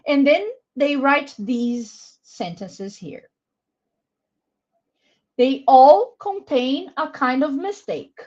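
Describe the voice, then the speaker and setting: Brazilian woman, webinar presenter, slow and careful delivery, somewhat high voice, dull video-call audio. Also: a little mellow. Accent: Brazilian Portuguese. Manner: encouraging, reads out names from chat; slow, careful word-by-word explanation. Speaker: webinar presenter for English teachers. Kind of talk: live online teaching webinar.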